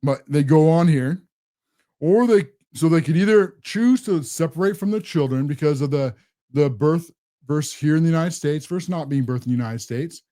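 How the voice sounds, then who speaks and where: Man, host, political commentary monologue, sarcastic, combative, warm darker tone, slightly high pitch. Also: moderate pace. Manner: combative, sarcastic, repeats himself.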